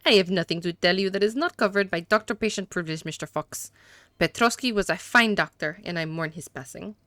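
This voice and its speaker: A woman's voice: on the low side, fairly quick, fairly bright tone, no echo, studio quality, natural voice. A woman voicing a smug, condescending older dandy, with an attempted French accent and a haughty, formal way of talking.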